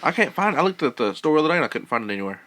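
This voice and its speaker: A man co-hosting a podcast who talks quickly. His pitch moves a lot, and he cracks jokes and reads stories aloud. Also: very animated, fairly bright tone. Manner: wisecracking, reads news items aloud. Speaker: podcast co-host. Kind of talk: casual chat.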